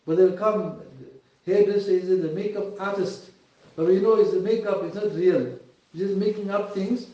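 Guy preaching, high voice, mellow tone, echoey far-off lo-fi hall recording. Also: steady tone, normal speed. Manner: earnest, pleading, rising and falling emotion. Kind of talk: sermon.

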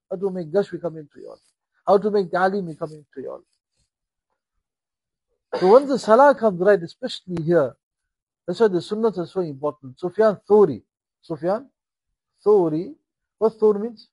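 A man preaching a sermon with a husky voice, impassioned, rising and falling in volume and acting out the dialogue he tells. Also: high-pitched, a little mellow, dry recording, low-quality recording.

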